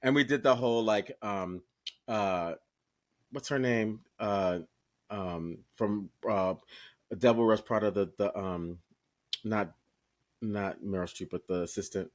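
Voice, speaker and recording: A man co-hosting a podcast, chatting casually and telling a lively story, talking straight to listeners and swearing freely. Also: lowish voice, slow pace, long pauses. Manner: animated storyteller who acts out quoted voices. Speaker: podcast co-host. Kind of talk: casual chat.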